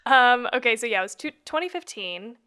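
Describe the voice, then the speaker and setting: A woman's voice: a little high, animated, brisk, bright, forceful tone, clean tone. A woman co-hosting a podcast, chatting casually and laughing often, sometimes unsure how to say names. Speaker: podcast co-host. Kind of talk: casual chat.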